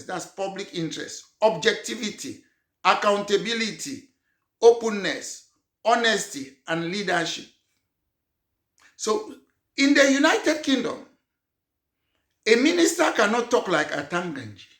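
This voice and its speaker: A man delivers a political address, his voice set fairly high. He repeats his points and throws rhetorical questions at the audience. The sound carries a noticeable room echo. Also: big pitch swings, a little slow, long pauses, fairly bright tone. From Cameroon. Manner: emphatic, repetitive, poses rhetorical questions. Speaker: political party leader. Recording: roomy echo.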